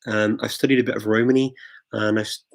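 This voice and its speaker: A man's voice: fairly low pitch, level tone, fast talker, vocal fry, rough recording. A man from England hosting a live Q&A, chatting casually and enthusiastically, full of ums and restarts. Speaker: host of a live Q&A. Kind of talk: casual livestream chat answering viewer questions.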